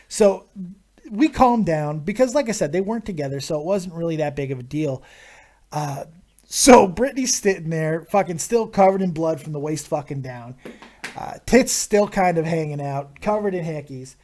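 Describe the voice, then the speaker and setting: A man hosting a live stream, telling a crude story in a casual, animated way with constant swearing. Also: on the high side, moderate pace. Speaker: host of a live viewer Q&A stream.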